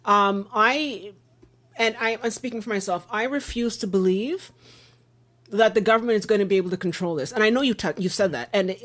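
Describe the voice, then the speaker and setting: A woman's voice: medium pitch, a little fast, a bit bright. A woman hosting a podcast discussion, talking in an earnest, rambling way and often repeating her words as she gets emotional. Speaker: podcast host.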